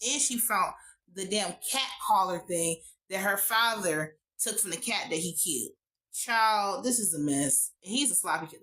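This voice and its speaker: An American woman reviewing a TV episode in a casual vlog. She talks in a profane, animated way with lots of asides. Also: medium pitch, poor audio. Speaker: TV show reviewer.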